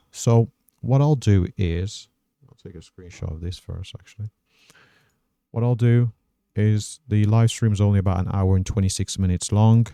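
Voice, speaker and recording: A man hosting a trading channel, walking through his day's trades on screen in a measured, methodical way and thinking aloud. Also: low-pitched, mellow, smooth, dry recording, clean studio sound. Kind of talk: casual trading recap over screen recording.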